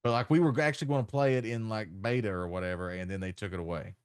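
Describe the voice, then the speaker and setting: A man co-hosts a casual comedic chat, joking and teasing his friends. His voice jumps up high when something amuses him. The recording is close and dry, with no room sound. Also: steady tone, fast, smooth, dry recording. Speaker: podcast co-host.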